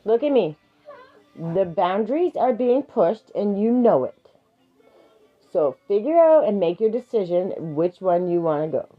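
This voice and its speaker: A woman's voice: medium pitch, very animated, measured pace, dull audio. A woman streaming live, reading affirmations and firmly but patiently parenting her child in between, laughing often.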